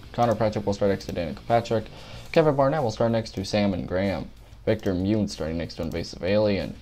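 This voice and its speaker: A man's voice: deep voice, warm tone. A young man commentating a pretend race, out of breath and tired, rambling and tripping over names.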